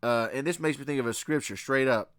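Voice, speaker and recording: A man's voice: medium pitch, fast, a bit bright, smooth, no echo, studio quality. A man giving a blunt, profane film commentary in a casual way, mixing in readings from scripture. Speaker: movie reviewer.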